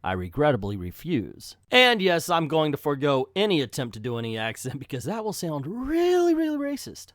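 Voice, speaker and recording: A man giving casual video commentary on an old comic book, excitable and quick to laugh and swear as he reacts. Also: a little high, dry recording, clean studio sound.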